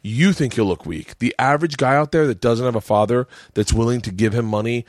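A man's voice: medium pitch, brisk, no room sound, studio quality. A man in his forties hosting a podcast, a little tipsy from drinking, telling a long profane story in a rambling, laughing way. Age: 40s. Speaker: podcast host. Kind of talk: casual storytelling chat.

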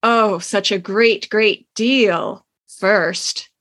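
A woman reading aloud as a seductive, languid aristocratic lady who speaks slowly and teasingly. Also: medium pitch, a bit bright, full character voice. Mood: purring, teasing. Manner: slow, purring and teasing. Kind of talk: dramatic reading of a novel.

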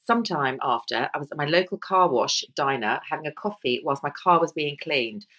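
Fast-talking low-voiced woman podcast host. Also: expressive, a bit bright. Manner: self-deprecating, chatty, quick asides. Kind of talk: casual chat, reading listener stories.

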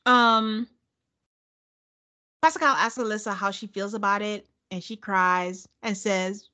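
A woman co-hosting a casual chat, recapping a show with sarcastic, animated storytelling. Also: medium pitch, slow, pauses often. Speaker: podcast co-host recapping a reality show.

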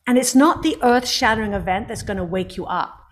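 A woman's voice: medium pitch, brisk. A middle-aged woman, an author and speaker, talking passionately and encouragingly as an interview guest. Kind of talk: interview guest, motivational talk.

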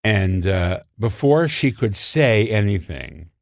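An older man, a comedy writer, telling show-business anecdotes in casual conversation and jumping into high voices when he quotes people. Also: sing-song, takes it slowly, creaky, no echo, clean studio sound.

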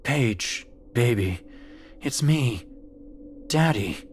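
A man voicing a dead father's baritone voice speaking through a possessed woman, coaxing and tender but sinister. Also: expressive, drawn-out words, a little hiss or hum.

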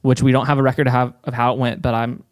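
A man's voice: mid-range voice, little pitch movement, very fast, no echo, studio quality. A man casually telling a history story on a podcast, laughing often and acting out the subject's lines.

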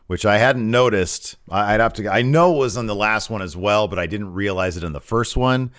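Rambling low-voiced man recapping wrestling. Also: a little fast, fairly bright tone, no echo, studio quality. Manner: rambling, frequent restarts and fillers. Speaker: wrestling podcast co-host. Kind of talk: casual chat, recapping matches.

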